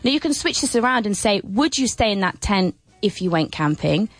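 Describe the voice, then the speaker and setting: A woman's voice: mid-range voice, fairly quick, dry recording, soft background music. A woman presenting a radio English lesson, playful and full of laughs, with exaggerated sing-song intonation on her questions. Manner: lively, playful, with many laughs. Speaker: English teacher and radio host. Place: radio studio.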